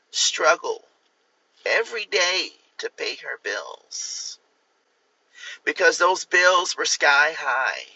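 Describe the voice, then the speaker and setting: A man's voice: on the high side, bright, forceful tone, husky, no echo, muffled recording, full character voice. A man doing a comic impression of a middle-aged woman politician, delivering an earnest, rambling stump speech.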